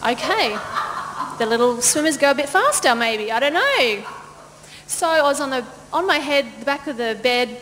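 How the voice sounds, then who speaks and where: A woman pastor telling a lively personal story in a sermon, laughing often and acting out the voices of the people in it. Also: sits high, moderate pace. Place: church auditorium. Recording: long church-hall reverb, faint noise.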